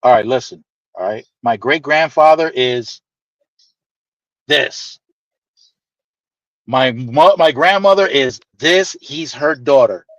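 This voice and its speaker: A man's voice: mid-range voice, takes it slowly, long pauses, no room sound, muffled recording. A man telling a casual, profane anecdote, animatedly acting out the people in it. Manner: animated, profane, acts out quoted voices. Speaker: storyteller.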